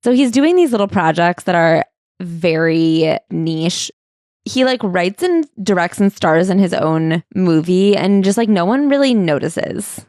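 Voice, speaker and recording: A woman's voice: fairly low pitch, lively intonation, unhurried, a little mellow, no echo, studio quality. A woman co-hosting a book club podcast, chatting and joking while recapping a memoir. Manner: chatty, jokes about the topic. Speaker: podcast co-host. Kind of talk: casual book club chat.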